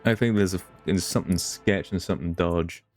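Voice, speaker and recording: Deep-voiced guy streaming a game, mutters and swears, hmms a lot, faint music. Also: brisk. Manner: muttering, swearing, thinking aloud. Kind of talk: casual gameplay commentary.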